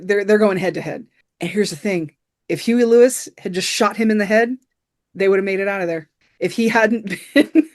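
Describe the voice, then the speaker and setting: Her darkish, medium-pitched voice carries this laid-back film review, where she and her podcast partner recap the movie one scene at a time. She leans heavily on "you know" as she talks.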